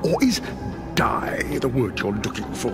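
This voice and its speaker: A man's voice: medium pitch, sing-song, unhurried. An actor playing a sardonic man who mocks with a dry manner, in an audio drama. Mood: mocking. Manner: dry, mocking. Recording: reverberant hall with music.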